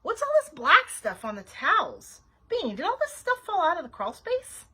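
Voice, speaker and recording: Woman doing a bossy big-sister voice, sharp, scolding, bright, lively swings. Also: extremely high pitch, normal speed, pitched above the performer's own voice, exaggerated voice. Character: bossy teenage big sister, angry girl.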